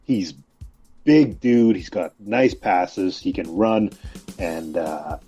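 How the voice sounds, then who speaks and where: A man's voice: deep voice, expressive, slow, mellow, husky. A man co-hosting a casual podcast, giving earnest opinions with hesitant fillers. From Canada. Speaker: podcast co-host. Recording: dull lo-fi audio with faint music.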